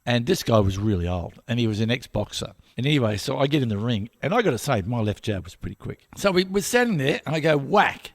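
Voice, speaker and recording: A man's voice: big pitch swings, quick pace, creaky, hardly any pauses, no echo. An older Australian man, a podcast host telling stories in a casual chat, acting out voices. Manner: storytelling, acts out voices with high yelps.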